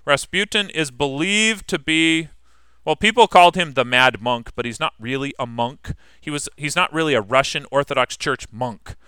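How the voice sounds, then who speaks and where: A man's voice: mid-range voice, sharp tone, clear, resonant tone, dry recording, clean studio sound. A man teaching a history class in a casual, conversational way, asking his students questions and answering them himself.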